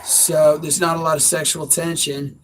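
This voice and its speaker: A man's voice: a little high, level tone, moderate pace, fairly bright tone, slight background noise, low-quality recording. A man giving blunt, profane dating advice as a coach, talking casually to the camera outdoors. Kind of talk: casual instructional talk to camera.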